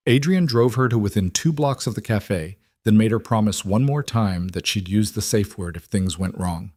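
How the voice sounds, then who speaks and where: A man giving scripted narration of a romance story in a steady storytelling manner. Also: lowish voice, normal speed, few pauses, dry recording, clean studio sound.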